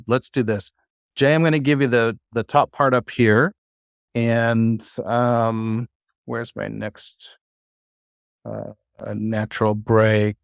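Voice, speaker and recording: A man teaching a class, talking in a relaxed, halting way with many fillers and restarts. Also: mid-range voice, dry recording, clean studio sound. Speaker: Bible Hebrew teacher.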